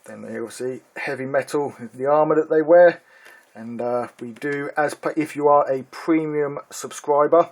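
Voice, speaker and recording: A man hosting his own miniatures hobby channel, casually reviewing a magazine issue in a relaxed, chatty way with frequent ums and uhs, now and then reading short passages aloud in a flatter tone. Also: a little high, normal speed.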